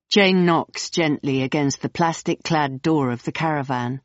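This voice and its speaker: A man reading an audiobook in a measured, even storytelling manner, on a dull, dry recording. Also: a little high, no echo. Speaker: audiobook narrator. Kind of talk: scripted narration.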